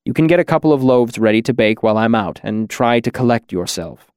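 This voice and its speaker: A man voices a world-weary male innkeeper in a storybook, stern and clipped, with a mid-pitched voice that stays close and dry with no room sound. He speaks in a measured, commanding way. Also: lively intonation, darkish tone, clear, resonant tone, no echo, natural voice. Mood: brisk.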